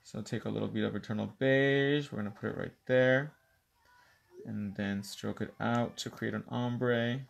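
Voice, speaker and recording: A man's voice: on the low side, steady tone, normal speed, vocal fry. A man hosting a live nail tutorial, explaining each step while bantering playfully with a co-host and viewers and slipping in the odd bit of Spanish.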